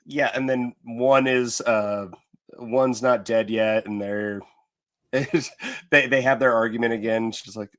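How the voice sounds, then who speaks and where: A man's voice: medium pitch, steady tone, slow, a bit bright. Man, podcast co-host, casual recap, rambling, filler-heavy. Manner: rambling, many fillers and restarts, retelling scenes. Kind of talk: casual movie recap chat.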